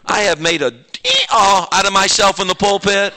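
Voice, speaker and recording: A man preaching a sermon as pastor, telling animated, self-mocking stories with sudden shouts. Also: sits high, normal speed, creaky.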